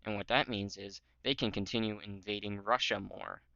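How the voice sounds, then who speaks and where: A history channel host with a lowish, bright, crisp voice rambles casually over a map, filling gaps with "um" and "like" and tossing in goofy jokes. He speaks at a moderate pace with fairly even intonation. The sound is dry with no echo and slightly muffled.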